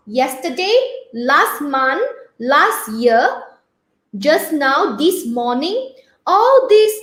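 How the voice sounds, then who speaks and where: Woman, primary teacher, high voice, unhurried, patient drilling, roomy echo. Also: fairly bright tone. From Malaysia. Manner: slow, patient, spells words out letter by letter; peppers speech with "okay?" checks. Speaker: primary school English teacher. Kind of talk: online grammar lesson. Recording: echoey room.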